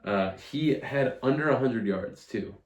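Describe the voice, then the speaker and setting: A young man co-hosting a casual sports podcast, opinionated and animated, who swears freely. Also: medium pitch, measured pace. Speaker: podcast co-host. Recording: roomy echo.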